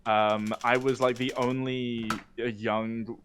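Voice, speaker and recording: A man's voice: medium pitch, level tone, takes it slowly, fairly bright tone, slight background noise. Laid-back British man, podcast guest. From United Kingdom. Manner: laid-back, self-mocking, rambling with fillers. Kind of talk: casual podcast chat.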